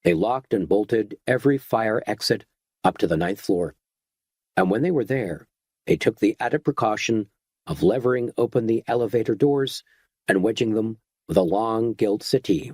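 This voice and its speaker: A man giving a steady, dramatic scripted narration of a horror audiobook. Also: fairly low pitch, moderate pace, husky, no echo.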